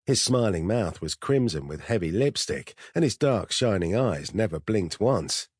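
Deep husky male narrator. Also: expressive, unhurried, darkish tone, no room sound, clean studio sound. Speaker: audiobook narrator. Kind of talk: first-person scripted narration.

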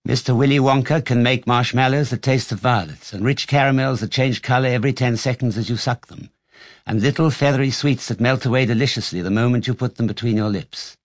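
A man reading an audiobook and voicing a very old bedridden grandfather who tells stories in a low, confiding tone. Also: fairly quick, no room sound, close to an everyday voice. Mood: marveling.

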